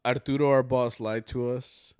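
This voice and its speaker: A man's voice: mid-range voice, flat delivery, moderate pace, darkish tone, clear, resonant tone, no room sound, clean studio sound. A young man co-hosting a podcast, chatting casually in a rambling, slangy, self-mocking way. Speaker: podcast co-host. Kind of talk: casual chat.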